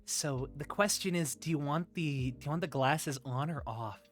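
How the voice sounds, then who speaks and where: Man doing a soft, high "femboy" voice. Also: moderate pace, faint music behind. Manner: soft, breathy put-on high "femboy" voice, close to the mic; giggly, reads chat aloud. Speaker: streamer. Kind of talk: casual live-stream chat.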